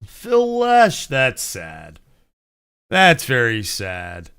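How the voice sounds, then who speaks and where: A man's voice: mid-range voice, huge pitch swings, extremely slow, fairly bright tone, clean tone. A man in his forties from the United States, hosting a casual entertainment news chat, rambling and swearing with frequent laughs. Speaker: host.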